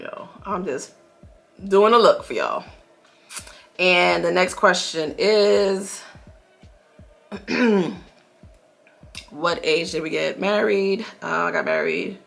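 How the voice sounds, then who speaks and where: A woman's voice: sits low, vocal fry, bright, forceful tone. A woman, chatting casually to viewers while doing her makeup, a bit dramatic. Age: 40s. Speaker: beauty vlogger.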